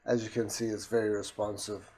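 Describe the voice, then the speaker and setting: A man walking through a software demonstration in a steady explanatory way, with a soft voice that does not carry far. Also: fairly low pitch, a little fast. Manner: steady explanatory, with restarts and voice commands. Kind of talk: screen-recorded product demo.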